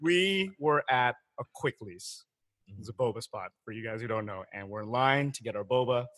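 A man chatting casually on a podcast, telling lively stories, laughing often and mimicking his brothers. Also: mid-range voice, normal speed, dry recording. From San Francisco Bay Area. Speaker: podcast guest.

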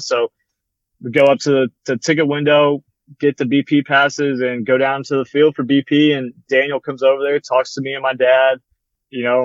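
A man's voice: medium pitch, no room sound. Young guy rambling thru a story, lots of "like" and "you know", kinda muffled dry audio. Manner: relaxed, rambling, many fillers like "like" and "you know". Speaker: guest, former bat boy. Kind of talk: casual storytelling.

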